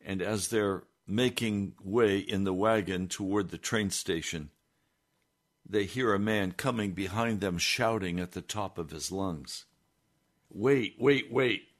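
A male preacher tells a story on a broadcast sermon in a low voice. He speaks slowly, in a measured and deliberate way.

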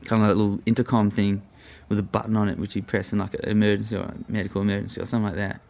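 Gravelly, low-voiced man. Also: monotone, racing, darkish tone. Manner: profane, rambling, full of fillers. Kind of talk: casual storytelling.

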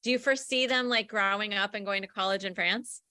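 A woman's voice: mid-range voice, a little fast, sharp tone, no room sound. A woman hosting a podcast, asking long, rambling questions in a casual way. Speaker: podcast host. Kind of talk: casual conversation.

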